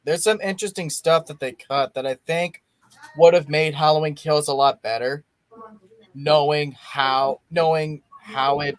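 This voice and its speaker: A man's voice: fairly high pitch, fairly even intonation, measured pace, dry recording. A young man hosting a casual movie watch-along, rambling enthusiastically with frequent restarts. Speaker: podcast host.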